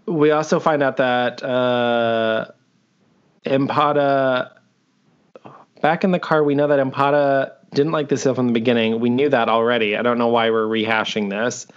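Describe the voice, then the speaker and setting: A man's voice: mid-range voice, steady tone, moderate pace, smooth. A man co-hosting a podcast over a video call, recapping an episode in casual, profane, joking chat and acting out the characters' lines. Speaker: podcast co-host. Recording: dull lo-fi audio.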